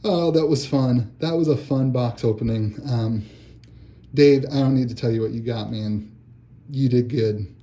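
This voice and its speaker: A man hosting a card-opening vlog at his kitchen table, excitable and laughing as he talks. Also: mid-range voice, unhurried. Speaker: card channel host. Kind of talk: casual box-opening vlog.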